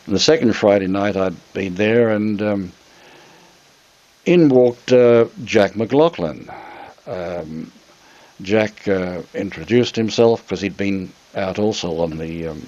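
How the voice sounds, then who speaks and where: A man's voice: fairly low pitch, slow, dark tone, lo-fi sound. An older man from Australia, a former radio presenter, reminiscing in an interview with a rambling manner and many ums and restarts.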